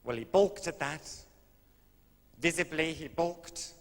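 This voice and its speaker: A man's voice: fairly high pitch, slow. A man, telling a camp, arch, innuendo-laden story as a stand-up comedian on stage. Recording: echoey old live stage recording with faint hiss.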